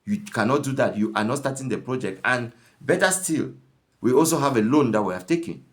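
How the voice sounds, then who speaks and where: A man voicing an insistent, nagging wife who talks loudly and demands to be heard. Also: expressive, fairly quick, natural voice. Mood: demanding. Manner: loud, pitched up, demanding.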